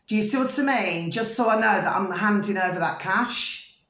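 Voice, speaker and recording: Speaking in a British accent with a mid-range, fairly bright voice at normal speed, this middle-aged vlogger chats to camera in a rambling way. She keeps asking "do you see what I mean?" and repeating "ding ding," and the sound is roomy.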